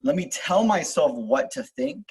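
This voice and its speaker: A man's voice: a little high, sing-song, unhurried, a little mellow, breathy edge, low-quality recording. A young man telling a personal story in casual, rambling talk, full of fillers, restarts and swearing, as host of a self-help video.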